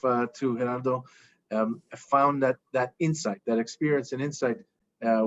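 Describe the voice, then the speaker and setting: A man moderating a webinar and introducing speakers, halting with many pauses. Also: medium pitch, no echo. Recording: dull, dry online audio.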